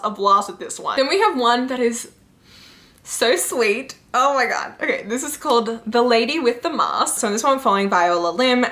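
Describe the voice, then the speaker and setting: A woman recommending webcomics in a casual chat, retelling plots in an animated way and often saying "like" and "you know". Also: medium pitch. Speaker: book and webcomic reviewer.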